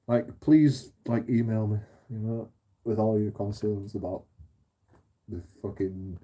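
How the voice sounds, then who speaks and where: Husky man ranting casually. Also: mid-range voice, mellow. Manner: swears freely, laughs often, rambling with restarts. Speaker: channel host.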